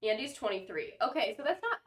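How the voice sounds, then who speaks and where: A woman's voice: on the high side, sing-song, quick pace, fairly bright tone, reverberant. A young woman co-hosting a casual chat, talking in a chatty, opinionated way with lots of "like". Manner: chatty, opinionated, uses "like" a lot. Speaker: podcast co-host.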